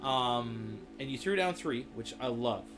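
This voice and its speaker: A man's voice: medium pitch, animated, measured pace. A man hosting a podcast, joking around and asking rambling questions in a casual chat. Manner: playful, jokey, rambling questions. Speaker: host.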